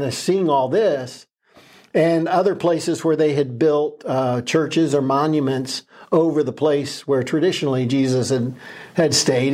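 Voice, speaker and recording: A man's voice: mid-range voice, darkish tone. A man co-hosting a casual Bible discussion podcast, talking earnestly and with emphasis, with many ums and restarts. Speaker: podcast co-host.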